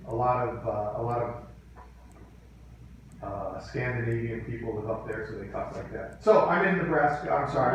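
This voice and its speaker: A male teacher leading a classroom lesson, quizzing students by name in a firm, dryly teasing way. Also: medium pitch. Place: echoey classroom. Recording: echoey room, faint background noise.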